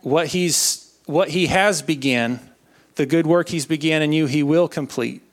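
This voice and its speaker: A young man giving an earnest personal faith testimony, halting and often repeating his words. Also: on the high side. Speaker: speaker sharing a testimony.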